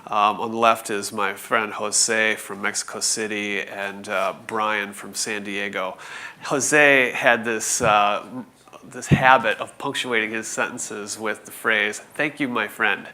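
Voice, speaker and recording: A man in his forties telling a conference audience a story, halting with many fillers and restarts, with light chuckles. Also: fairly low pitch, steady tone, sharp tone. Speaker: conference speaker. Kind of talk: presentation talk.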